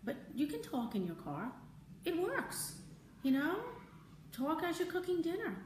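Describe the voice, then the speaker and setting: A woman hosting a live stream as a spiritual teacher, talking gently and conversationally, answering viewer comments and repeating her key phrases. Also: sits high, big pitch swings, unhurried, slight background noise. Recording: roomy, distant mic, faint ambience.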